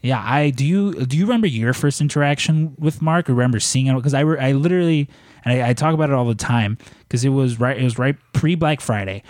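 A man's voice: mid-range voice, quick pace, a little mellow, no room sound, studio quality. A man co-hosting a podcast, talking casually with lots of fillers and long run-on intros. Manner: rambling, filler-heavy intros. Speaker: podcast co-host.

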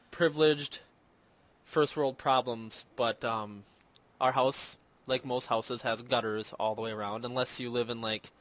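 A man's voice: medium pitch, fairly bright tone. A man hosting a casual movie and games podcast, rambling and self-deprecating with lots of fillers. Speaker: podcast host. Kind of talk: casual chat. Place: home in Minnesota.

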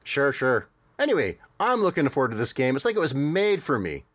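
A man's voice: mid-range voice, wildly swooping pitch, fairly quick, a bit bright, dry recording. Man, podcast co-host, casual chat, wry and chuckling, dry close sound. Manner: wry, chuckling, hesitant with fillers. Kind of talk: casual chat, describing a game trailer.

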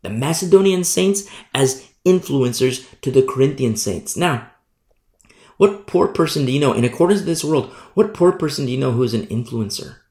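A man's voice: medium pitch, lively intonation, normal speed, darkish tone. Male pastor, emphatic sermon delivery with rhetorical questions, reverberant room. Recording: roomy echo.

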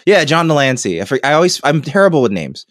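A man's voice: fairly high pitch, very animated, fast talker, no room sound, studio quality. A man hosting a podcast in casual chat, rambling and laughing often. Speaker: podcast host.

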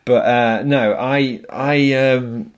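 Guy on a film podcast, chatty and jokey, laughs a lot, mid pitch. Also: steady tone, very slow. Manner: chatty, laughs often, mocks stereotypes. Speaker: podcast co-host. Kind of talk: casual film discussion.

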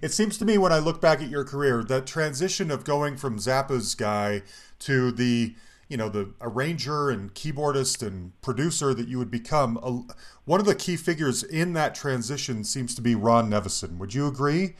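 A man's voice: mid-range voice, animated, moderate pace. A man hosting a podcast interview, asking questions casually and reacting with eager interjections. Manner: enthusiastic listener, frequent short reactions. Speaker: podcast host.

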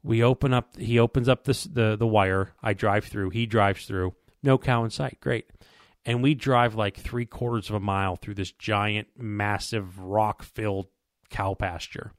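A man with a fairly low voice tells a long, rambling story in casual chat. He trips over repeated words and slips into quoting the people he met. The sound is dry and close, with no room in it. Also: steady tone, a little slow, no room sound. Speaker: podcast co-host telling a hunting story.

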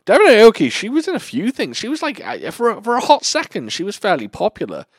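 Podcast co-host: young man, lively pitch, rambling and profane, dry close mic. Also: quick pace, breathy edge, dry recording. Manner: rambling, swearing, laughing often. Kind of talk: casual film review chat.

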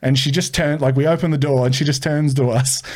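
A man's voice: on the high side, steady tone, brisk. A man telling a rowdy story on a comedy podcast, swearing freely and dropping his voice to quote people. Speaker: comedian guest. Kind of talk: casual storytelling.

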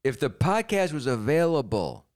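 A man's voice: medium pitch, sing-song, normal speed, darkish tone. A man co-hosting a comedy podcast, rambling through absurd schemes in casual chat. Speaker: podcast co-host.

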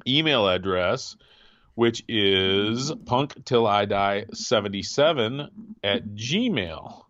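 A man's voice: lowish voice, lively intonation, slow, fairly bright tone, no room sound, highs cut off. A man in his forties co-hosting a podcast, rambling and chatty, often trailing off and restarting. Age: 40s. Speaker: podcast co-host. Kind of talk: casual chat.

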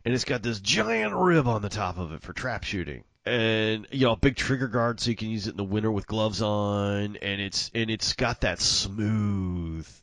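A man telling a casual anecdote in an animated, self-amused way, acting out the dialogue. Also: on the low side, normal speed, hardly any pauses, no echo.

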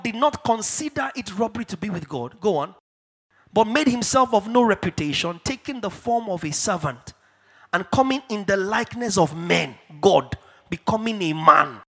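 Husky high-voiced African preacher. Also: male voice. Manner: emphatic preaching that swings from hushed asides to shouted declarations; repeats key phrases for stress. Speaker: pastor. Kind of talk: sermon. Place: church.

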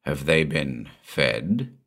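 Guy doing a harsh cold villain, deep flat monotone, slow clipped orders. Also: vocal fry, exaggerated voice. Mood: cold commanding. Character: cruel arrogant male villain in a red devil mask. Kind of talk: audiobook character voice.

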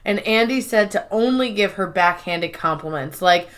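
A woman's voice: mid-range voice, expressive, moderate pace, fairly bright tone. A woman co-hosting a podcast, retelling TV scenes in casual chat, often quoting the characters' lines and swearing freely. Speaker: podcast co-host.

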